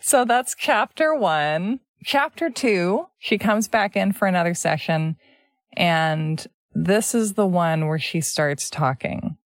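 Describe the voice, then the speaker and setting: A woman host in casual chat, who reads from a book and talks in a thoughtful, measured way. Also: on the low side, animated, no echo, studio quality. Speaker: podcast host.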